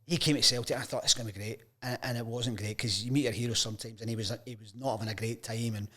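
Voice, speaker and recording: A Scottish sports journalist in his fifties, a guest on a chat show, tells lively stories in a casual interview and acts out the voices of the people in them. He talks fast in a mid-range voice.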